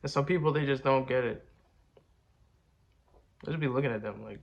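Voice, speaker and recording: A man's voice: medium pitch, normal speed. Rambling boastful young man, lo-fi. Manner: rambling, boastful, slangy with lots of "bro" and "man". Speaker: rapper answering fan questions. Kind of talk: casual chat.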